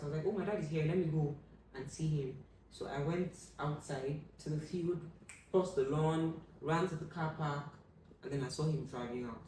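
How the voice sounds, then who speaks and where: A young adult woman telling a personal story as an interview guest, acting out what people said with sudden loud high bursts. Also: recorded from a distance. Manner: animated, acts out quoted voices with sudden loud high bursts. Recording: echoey room, voice from off the mic, faint room hum.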